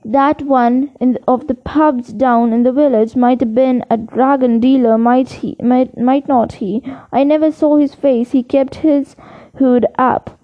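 Storybook read-aloud: a big friendly gamekeeper, read by a woman, casual and rambling, high voice. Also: fairly even intonation, measured pace. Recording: dull lo-fi recording.

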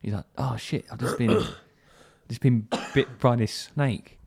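A man's voice: mid-range voice, fairly even intonation, slow pace, creaky, darkish tone, breathy edge. A young man co-hosting a podcast, rambling through crude hypotheticals in casual banter and laughing easily. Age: young adult. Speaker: podcast co-host.

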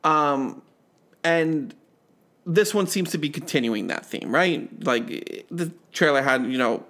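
A man's voice: a little high, lively intonation, slow pace, a bit bright. A man co-hosting a casual movie chat, talking in rambling, stammering bursts full of fillers. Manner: chatty, stammering restarts, lots of fillers. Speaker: podcast co-host.

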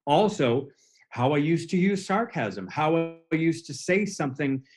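A man's voice: a little high, expressive, unhurried, music in the background. A man hosting a recovery-themed conversation, speaking in an earnest, coaching way and circling back over his phrases. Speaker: host.

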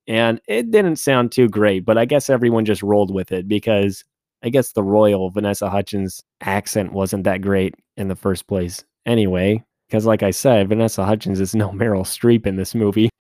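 Wry low-voiced man recapping a movie. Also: darkish tone, dry recording, studio quality. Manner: wry, joking, rambling asides. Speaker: podcast host.

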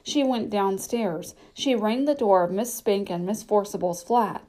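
A woman reads a children's novel aloud in a measured, storytelling way. Her voice is warm and mellow, sitting at a middle pitch. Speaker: narrator. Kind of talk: audiobook narration.

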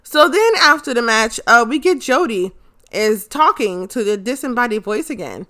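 Young woman chatting thru a wrestling recap, sharp bright voice, swears a lot, keeps forgetting names. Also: fairly high pitch, moderate pace. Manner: excitable, swears freely, loses track of names. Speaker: show recap host. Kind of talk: casual recap of a wrestling show.

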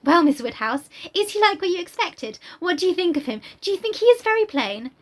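A woman reading aloud, voicing a naive, excitable young girl with breathless, gushing speech. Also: very high voice, brisk, pitched above the performer's own voice. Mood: excited.

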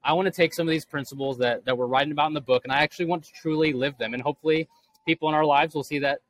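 Earnest motivational man, slightly raised pitch. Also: steady tone, very fast, poor audio. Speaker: guest author and speaker. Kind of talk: podcast interview answer.

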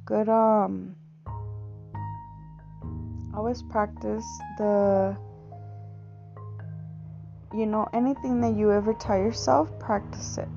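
A woman's voice: medium pitch, vocal fry. A woman in a casual, rambling monologue, talking earnestly with many restarts and filler phrases. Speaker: speaker sharing life advice. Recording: dull lo-fi audio with faint guitar music.

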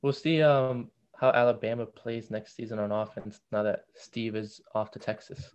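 A young man co-hosting a casual sports podcast, measured and analytical as he weighs each matchup. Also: lowish voice, fairly even intonation, clear, resonant tone. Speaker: podcast co-host.

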